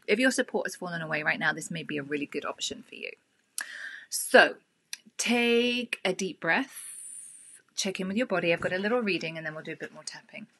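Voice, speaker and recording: A woman hosting a sobriety support session, calmly guiding listeners through breathing and tapping with slow, gentle instructions. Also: low voice, vocal fry, breathy edge. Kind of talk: live guided tapping session.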